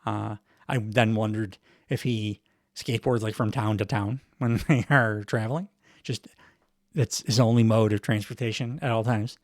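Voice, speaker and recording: A man's voice: mid-range voice, no room sound, studio quality. A middle-aged man hosting a podcast, giving a casual, wry wrestling recap full of fillers and chuckles. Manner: rambling, wry, chuckles often, many fillers. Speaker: podcast host.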